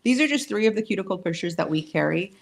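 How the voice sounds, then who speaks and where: A woman's voice: lowish voice, animated, quick pace, creaky. A chatty woman demonstrating nail tools while she works, casual and a little tired, joking at herself as she goes. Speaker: nail tech demonstrating products on a livestream. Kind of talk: casual live product demonstration.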